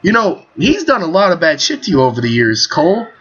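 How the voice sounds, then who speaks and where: A man hosting a casual podcast, telling a story in a profane, animated way over an internet call. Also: fairly high pitch, fairly quick, breathy edge, muffled recording. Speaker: podcast host. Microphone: Skype call recording.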